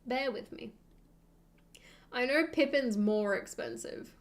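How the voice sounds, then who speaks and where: A young woman streaming, chatting casually and thinking aloud with soft laughs. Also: a little high, slow pace.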